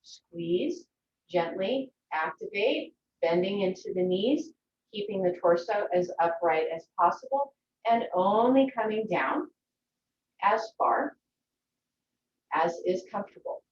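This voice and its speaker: Woman yoga teacher, calm guiding voice, distant roomy dull video-call sound. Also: mid-range voice, measured pace, slight background noise. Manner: gentle, encouraging instructions. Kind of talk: guided yoga class. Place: her home.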